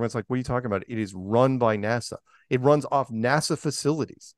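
A man's voice: medium pitch, fast, dry recording, studio quality. A man talking as a podcast guest in a rambling way, full of fillers and restarts. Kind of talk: casual interview talk.

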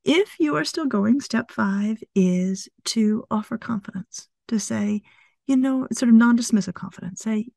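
A middle-aged woman psychologist, a guest in an interview, explaining things calmly step by step. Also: a little high, measured pace, vocal fry, no echo, studio quality.

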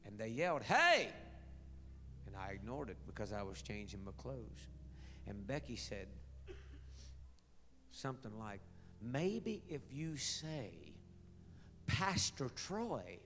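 A middle-aged male pastor preaching a sermon, telling a story softly and dropping into hushed whispers. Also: lowish voice, animated, a little slow, long reverb tail, slight background noise. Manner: soft, intimate storytelling that drops to hushed whispers. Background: music.

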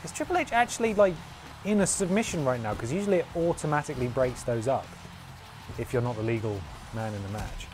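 A man's voice: medium pitch, lively intonation, fairly quick, soft background music. A man streaming a wrestling game, calling the action as mock commentary with a playful, jokey manner. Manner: playful, jokey, breaks into humming and sound effects.

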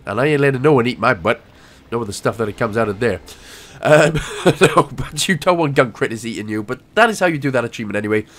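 A man's voice: mid-range voice, expressive, fast talker, fairly bright tone. A young Welsh man giving casual, rambling gameplay walkthrough commentary with jokey asides. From Wales.

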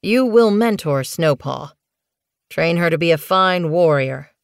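A woman's voice: lowish voice, animated, a little slow, no room sound, studio quality. A woman voicing a stern male cat clan leader speaking formally in a storybook. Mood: solemn. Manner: formal, ceremonial delivery.

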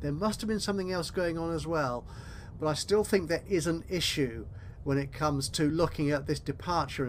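A man with a slightly high voice hosts a let's play, casually commenting on the management game he's playing. He rambles, corrects himself and adds wry asides, with slight background noise behind him.

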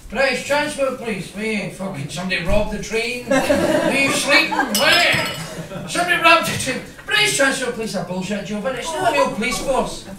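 A man's voice: extremely high pitch, expressive, normal speed. A Scottish man compering at a comedy club, teasing an audience member with brash, crude banter on stage. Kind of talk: live stand-up crowd banter. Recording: echoey club, distant mic, loud crowd.

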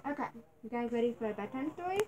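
Mock-stern female bedtime reader for home role-play; slightly high, faint hiss behind. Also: animated, rapid-fire, dark tone. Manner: bossy, mock-stern storyteller.

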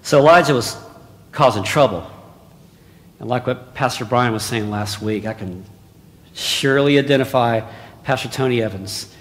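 A man's voice: mid-range voice, moderate pace, long pauses. Man preaching in a reverberant hall. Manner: swings between hushed asides and loud exclamations. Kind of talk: sermon.

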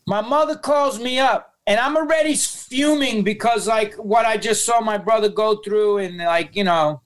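A middle-aged man with a New York accent speaks as a podcast guest, blunt and quick to swear. His voice sits fairly high, and it comes through smooth and clear. He tells a heavy personal story. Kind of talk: casual interview storytelling.

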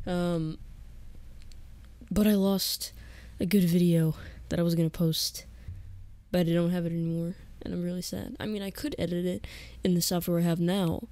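A woman's voice: lowish voice, dark tone, no echo. A woman YouTuber chatting casually to her viewers, hesitant and rambling with lots of fillers. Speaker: gaming YouTuber. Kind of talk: casual chat to camera.

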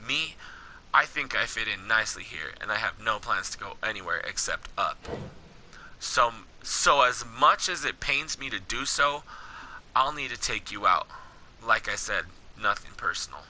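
A man's voice: fairly low pitch, lively intonation, normal speed, sharp tone, a little hiss or hum, pitched below the performer's own voice, low-quality recording. A man reading as a smug ambitious brawler.

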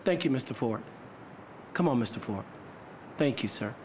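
A man's voice: medium pitch, expressive, moderate pace, a little hiss or hum. An angry man heckling a council from the floor, picked up from a distance in an echoey room. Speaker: member of the public speaking out at a council meeting. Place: council chamber.

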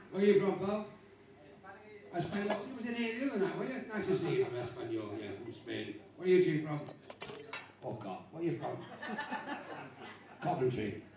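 A man from England doing crude stand-up, roasting the crowd with swearing and insults. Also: on the high side. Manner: brash, swearing, insulting the audience. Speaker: stand-up comedian. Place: bar show stage. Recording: distant, echoey and noisy club recording.

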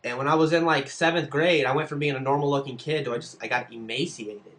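A man answering fan questions on his vlog, telling stories in a casual, profane and animated way. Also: medium pitch, fast talker. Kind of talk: casual storytelling.

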